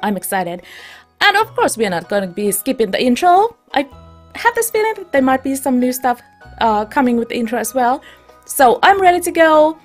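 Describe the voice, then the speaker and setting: A fairly high-voiced woman hosts a let's play, talking to her viewers in an excitable, chatty way. Her commentary is casual and upbeat. Game music plays faintly in the background. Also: normal speed. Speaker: let's play streamer and host.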